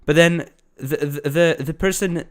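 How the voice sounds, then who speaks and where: A man's voice: on the high side, unhurried. A man with a slight cold, chatting casually as a streamer reacting to videos, rambling with lots of restarts and laughs. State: a bit congested from a cold. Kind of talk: casual live-stream commentary.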